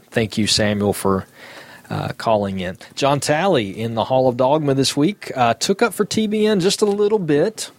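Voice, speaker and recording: A man with a Southern US accent co-hosting a podcast in casual chat, easygoing and hesitant with many filler pauses. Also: mid-range voice, no room sound. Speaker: podcast co-host.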